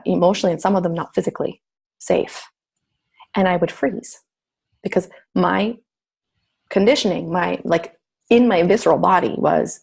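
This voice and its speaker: A middle-aged woman telling a personal story in casual talk, acting out her own inner voice. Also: fairly low pitch. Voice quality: gravelly, husky. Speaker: guest.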